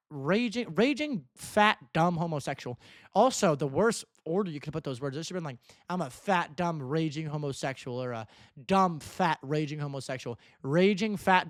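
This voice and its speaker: A man's voice: a little high, fairly bright tone, no echo, clean studio sound. A young man streaming live, reading out viewer messages and answering them with teasing, mock-earnest banter, tossing "bro" onto the end of his lines. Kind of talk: casual livestream chat reading viewer messages.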